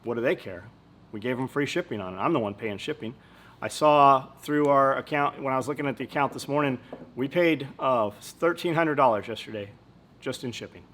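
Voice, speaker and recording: A man speaks a little fast in a medium-pitched, fairly bright voice as he hosts his podcast. A company owner, he rambles through business anecdotes in casual, blunt talk and swears freely.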